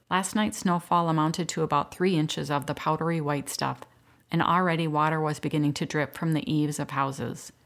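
A woman reading a novel aloud in a steady, even narration. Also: sits low, creaky. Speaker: audiobook narrator. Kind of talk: scripted narration.

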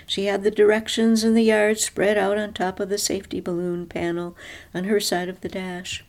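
A woman reads a story aloud in a measured, even storyteller's manner. Her narration moves steadily between the spoken lines. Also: medium pitch.

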